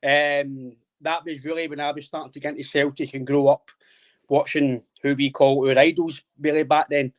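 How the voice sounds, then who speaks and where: A man in his late twenties hosts a laid-back podcast chat. His voice sits a touch higher than most men's. His delivery is friendly and loose, full of fillers. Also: flat delivery, moderate pace. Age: 20s. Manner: friendly, rambling, says "mate" constantly. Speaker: podcast host.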